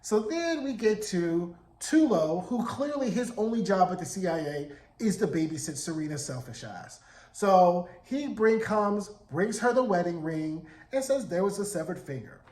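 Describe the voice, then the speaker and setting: A man in his forties giving a sassy, animated casual recap of a TV episode, acting out the characters' lines. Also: sits high, moderate pace. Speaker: TV recap vlogger. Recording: roomy echo.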